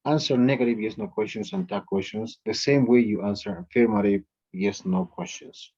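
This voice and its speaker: A man's voice: fairly low pitch, normal speed, darkish tone, breathy edge, muffled recording. A man teaching an English grammar lesson to a class. He reads out example sentences and calls on students to answer.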